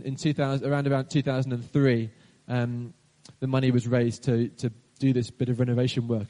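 A man's voice: mid-range voice, dark tone. A man preaching a sermon, telling a story with some hesitations and restarts. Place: church hall. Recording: long hall reverb.

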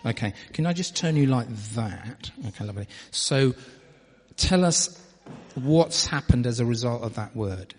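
Husky guy pastor talking slow in a big echoey church. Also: medium pitch. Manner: relaxed, chatty, drawn-out pauses. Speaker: pastor leading the meeting. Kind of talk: informal preaching. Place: church hall.

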